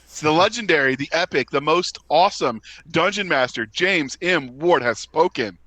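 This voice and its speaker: A man's voice: a little high, lively intonation, normal speed, pushed and bright, dry recording, poor audio. A man playing a tabletop game who reads the chat aloud in a playful way. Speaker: player.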